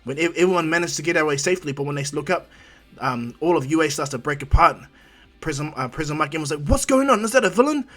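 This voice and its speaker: A man's voice: a little high, fairly even intonation, fast talker, a bit bright, soft background music. A man improvising a fan fiction story in a rambling, conversational way.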